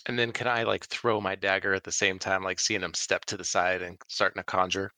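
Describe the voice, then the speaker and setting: A man's voice: deep voice, level tone, brisk, sharp tone, clear, resonant tone, dry recording. A man playing a tabletop game, chatting in a laid-back, hesitant way with many fillers. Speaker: player. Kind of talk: casual tabletop game chat.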